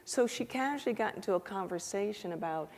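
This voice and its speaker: A middle-aged woman, a guest on a stage interview before a live audience, telling an animated anecdote and acting out the dialogue. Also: medium pitch, fairly quick, slight background noise. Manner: animated anecdotal storytelling, acts out quoted dialogue. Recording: echoey hall.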